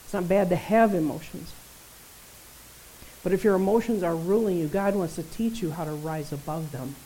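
This is a woman delivering a sermon in a relaxed, conversational style, often turning to her listeners with quick questions. Her voice is mellow and warm rather than bright. A faint hiss runs under the recording. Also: lowish voice, poor audio. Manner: conversational, animated, tag questions. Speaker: preacher.

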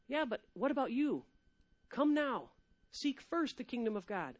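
A woman preacher giving a lively, emphatic sermon, laughing often and swinging between loud and soft. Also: on the high side, a little slow, dry recording.

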